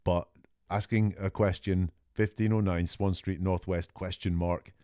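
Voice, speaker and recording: Deep-voiced man analysing a call. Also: steady tone, mellow, smooth, dry recording, studio quality. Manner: measured, deliberate, often slows for emphasis. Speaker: statement analysis commentator. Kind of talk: analytical commentary on a recorded call.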